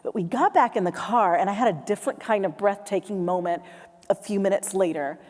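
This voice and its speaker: A woman giving a motivational keynote, telling a lively story and acting out her family's voices. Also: mid-range voice, a little fast. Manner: animated storyteller, acts out family voices, laughs along. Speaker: keynote speaker. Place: large hall with live audience. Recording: long hall reverb.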